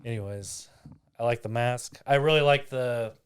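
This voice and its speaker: A man's voice: medium pitch, normal speed, smooth. A young man co-hosting a casual chat, rambling with restarts and goofy jokes. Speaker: podcast co-host.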